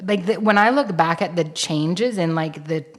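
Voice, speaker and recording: A woman co-hosting a podcast, chatting casually and telling lively anecdotes. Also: fairly low pitch, normal speed. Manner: chatty, animated storyteller with frequent laughs. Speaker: podcast co-host. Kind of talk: casual chat.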